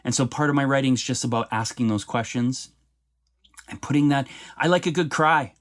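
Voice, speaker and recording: Canadian playwright guy on a podcast, mid-pitch voice, earnest and heartfelt, gets lively talking about laughs and tears. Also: a little fast. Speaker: playwright being interviewed. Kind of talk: podcast interview conversation.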